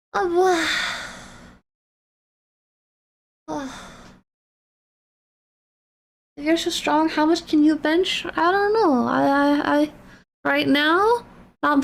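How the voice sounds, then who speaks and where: A woman streamer in casual livestream chat, rambling and apologetic, emotional, often restarting her sentences. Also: high-pitched.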